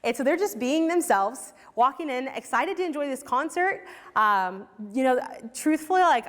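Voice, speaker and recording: A young woman with a fairly high voice talks earnestly to a congregation, in a casual way with many ums and restarts. Her voice rings with the long reverb of a church hall. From Ohio, USA. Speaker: youth ministry worker speaking at church. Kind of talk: church talk with personal stories.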